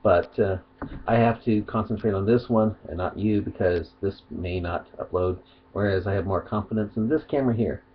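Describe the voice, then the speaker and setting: A man's voice: on the low side, normal speed, slightly rough, dull audio. A man giving a rambling, argumentative vlog monologue, partly reading aloud, with many restarts. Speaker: video commentator.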